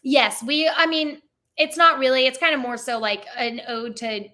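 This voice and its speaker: A woman's voice: sits high, fairly even intonation, moderate pace, bright, forceful tone. A young woman telling stories in a casual interview as a theme park performer, chatty and full of "like" fillers. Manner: chatty, many "like" fillers, laughs often.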